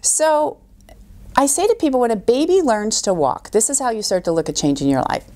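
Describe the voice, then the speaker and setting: A middle-aged woman talking as a podcast guest, an animated storyteller who acts out quoted voices. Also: a little high, brisk. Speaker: guest coach. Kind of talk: podcast interview.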